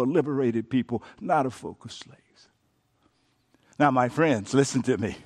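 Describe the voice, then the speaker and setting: A male pastor preaching a sermon with call-and-response, building up to shouting. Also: mid-range voice, moderate pace. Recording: long reverb of a large hall.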